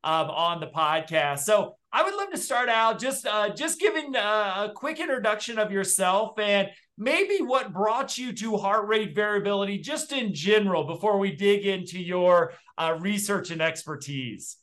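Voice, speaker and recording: Male interview host, higher voice, relaxed, chatty welcomes. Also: normal speed, few pauses. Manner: friendly, many "uh" fillers. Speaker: podcast host. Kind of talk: casual interview hosting.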